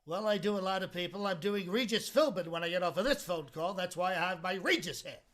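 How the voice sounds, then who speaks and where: A middle-aged American comedian chatting as an interview guest, talking in animated bursts with lots of restarts. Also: male voice, sits high, fast. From United States. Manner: animated, rambling with many restarts. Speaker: comedian and impersonator.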